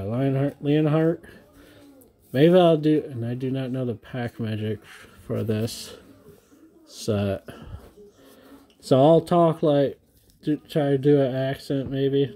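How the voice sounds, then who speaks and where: Opening trading card packs for his home audience, this thirty-something man keeps up a casual unboxing chat, gushing excitedly about every card. His voice sits in the mid range.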